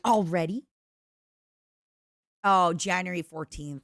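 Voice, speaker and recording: A woman streamer with a slightly low voice chats live at her desk mic, playful and expressive, jumping between excited squeals and soft murmurs and repeating words for fun. Her throat sounds a little strained. The sound is close and dry. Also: a little slow, no room sound. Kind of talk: casual live-stream chat reading fan letters.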